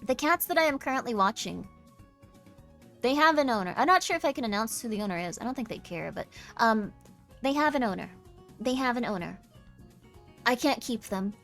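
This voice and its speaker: High-pitched bubbly young woman streamer. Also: brisk, faint music behind. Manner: bubbly, jumps to squeaky highs when excited. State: tired. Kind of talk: casual live-stream chat.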